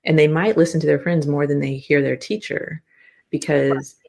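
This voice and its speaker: A woman's voice: sits low, normal speed, gravelly. A woman in her fifties, a guest therapist, explaining things animatedly in a casual interview. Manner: animated explaining, frequent restarts.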